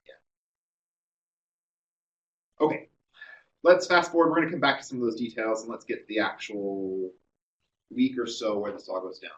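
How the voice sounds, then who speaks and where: A man's voice: on the low side, normal speed, pauses often, far from the mic, lo-fi sound. A man giving a classroom history lecture, telling the story conversationally with many ums and uhs.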